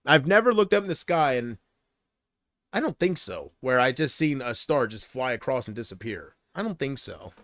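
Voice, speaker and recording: A man's voice: medium pitch, expressive, normal speed, fairly bright tone, no echo. A man on a casual livestream, rambling and unsure, drifting between thoughts while he answers viewer comments. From United States.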